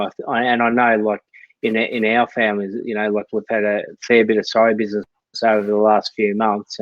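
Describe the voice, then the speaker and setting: Low-voiced halting Australian man. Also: no room sound, lo-fi sound. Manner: halting, repeating words as he starts. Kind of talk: casual chat.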